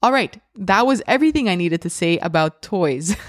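A woman's voice: mid-range voice, expressive, a little fast, few pauses, no room sound, studio quality. A woman hosting a podcast, a parent of young children, talking in a chatty, enthusiastic way with frequent fillers and restarts. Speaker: podcast host. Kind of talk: casual podcast monologue.

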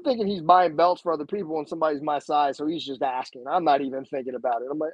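A man telling a story as a podcast guest in a casual, animated way, acting out the voices he quotes. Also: quick pace, few pauses, no room sound. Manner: animated, acts out quoted voices with big pitch jumps. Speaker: podcast guest, jiu-jitsu black belt. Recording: slightly dull, dry sound.

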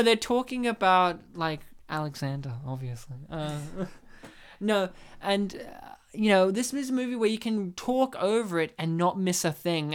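A woman hosting a casual movie review podcast, talking excitedly and laughing often. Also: medium pitch. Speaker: podcast host.

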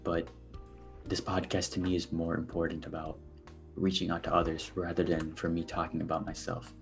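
A young man with a very low voice tells a personal story as a podcast guest. His delivery is earnest and halting, full of ums and restarts. Soft music sits faintly behind him. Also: monotone, gravelly. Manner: earnest, hesitant, many fillers.

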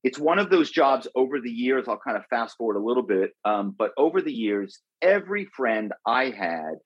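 A man's voice: mid-range voice, sing-song, moderate pace, husky, dry recording, dull audio. A middle-aged man as an interview guest, telling a long personal story in a loose, rambling way, full of fillers and restarts. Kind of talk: conversational storytelling.

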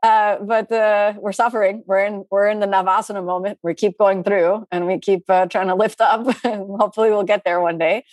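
A middle-aged woman teaching yoga over a live online session. She talks in a chatty, animated way and breaks into playful asides. Her voice sits at a middle pitch, and the sound is close and dry with no room echo. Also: brisk, hardly any pauses.

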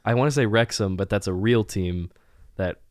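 Young man, podcast guest, casual chat, self-deprecating, low voice, dry sound. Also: normal speed, no room sound. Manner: easygoing, self-deprecating, laughs often.

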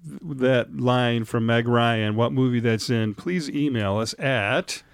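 A man co-hosting a casual podcast, wry and teasing, quick to laugh. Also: mid-range voice, gravelly, clean tone, dry recording, clean studio sound. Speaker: podcast co-host. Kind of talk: casual chat.

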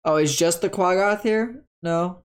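A chatty, upbeat host walks through tabletop game monster stats in a loose, rambling flow. They stop mid-thought to correct themselves and then carry on. The voice sits at a middle pitch. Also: a little slow. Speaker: tabletop game content creator.

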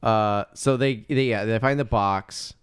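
A man's voice: fairly low pitch, measured pace, smooth, no echo, studio quality. A man co-hosting a podcast, chatting casually about a movie and throwing in wry jokes. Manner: joking, adds wry asides. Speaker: podcast co-host.

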